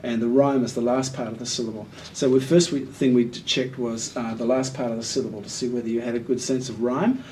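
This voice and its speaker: Patient, mellow-voiced male literacy tutor. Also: mid-range voice, steady tone, fast talker, few pauses. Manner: patient, encouraging, explains step by step. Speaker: literacy tutor giving assessment feedback. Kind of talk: one-on-one feedback session. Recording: voice picked up from a distance with faint room noise.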